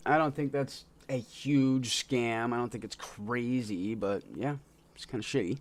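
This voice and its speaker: A man's voice: medium pitch, a little slow. A man casually reacting to videos on a stream, loose and profane in his commentary.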